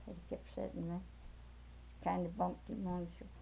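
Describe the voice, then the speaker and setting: A woman's voice: on the low side, level tone, fairly quick, creaky, long pauses, breathy edge. An older woman, telling a folksy family story in a casual way and laughing as she goes. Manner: laughs through her story, folksy dialect. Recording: tinny phone-like recording.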